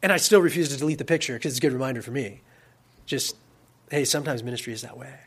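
A man preaching a casual sermon as a youth pastor. He swings between loud, emphatic stretches and quiet, soft-spoken asides. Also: medium pitch, fast, breathy edge.

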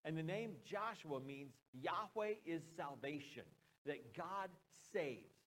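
Man, American accent, pastor, sermon, conversational, fairly high voice. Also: lively intonation, slow pace, a bit bright, poor audio. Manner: conversational, with joking asides and questions to the congregation.

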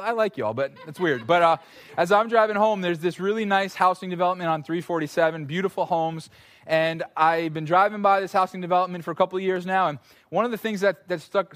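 A man preaching a sermon as pastor at a church service, telling stories in an animated, conversational way with playful asides. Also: high voice.

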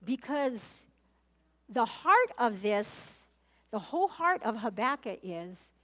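A woman's voice: on the high side, very animated, slow pace, fairly bright tone. A woman leading a conversational Bible study, earnestly asking her listeners questions and often repeating and restarting her phrases. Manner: earnest, questions the audience directly. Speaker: Bible teacher.

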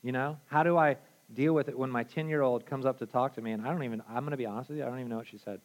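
A male pastor preaching a conversational sermon, candid and casual, dropping to quiet asides and then pushing to loud emphasis. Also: medium pitch, fairly even intonation, very fast.

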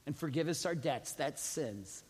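A man preaching a sermon as a pastor, calling on the congregation to repeat after him and swinging from quiet asides to shouted emphasis. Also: a little high, expressive, measured pace, slightly rough. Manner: preaching with call-and-response to the congregation. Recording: long reverb of a large hall.

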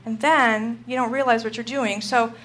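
Middle-aged woman teaching church folks, lively storytelling, voice a bit on the high side. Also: normal speed. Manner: animated storytelling, acts out her own panic. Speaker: Christian teacher. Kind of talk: teaching talk with personal story.

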